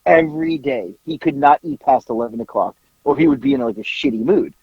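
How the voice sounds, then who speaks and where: A man on a podcast telling a casual story, animated, acting out bits of dialogue and swearing casually. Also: fairly high pitch, brisk, vocal fry, breathy edge, no room sound, lo-fi sound. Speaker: podcast co-host.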